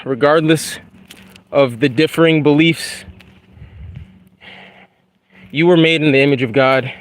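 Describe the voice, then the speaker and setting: A man's voice: on the high side, measured pace. A young man, a YouTuber, talking casually about faith while walking a wooded trail outdoors, laid-back and full of slang. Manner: laid-back, slangy, says dude and bro a lot.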